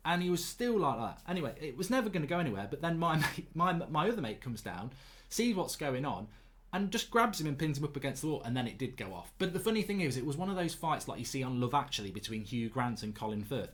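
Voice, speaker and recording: A man in his thirties telling cheeky, animated anecdotes in a casual chat, throwing in mocking jibes. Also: a little high, fast talker. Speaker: podcast host. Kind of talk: casual storytelling.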